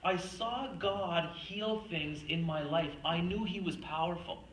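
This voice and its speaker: A woman's voice: on the low side, unhurried, roomy sound, far from the mic, slight background noise, low-quality recording. A woman giving an earnest faith talk at a retreat, telling stories and acting out the quotes. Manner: earnest, storytelling, acts out quoted speech. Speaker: retreat speaker.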